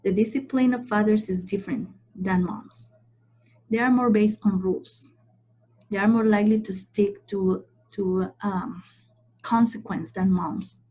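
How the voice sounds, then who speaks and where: A woman's voice: medium pitch, steady tone, unhurried, warm tone, breathy edge. A woman trainer giving a training lecture, stressing her points and checking in with the audience as she goes. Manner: emphatic, repeats points and checks in with "okay?".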